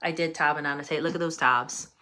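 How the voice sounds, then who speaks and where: A young British woman who makes book vlogs talks quickly and casually through her monthly reads, rambling with "um," "like," and restarts. Her voice is a little low for a woman, she's enthusiastic about the books she loved, and there's slight background noise.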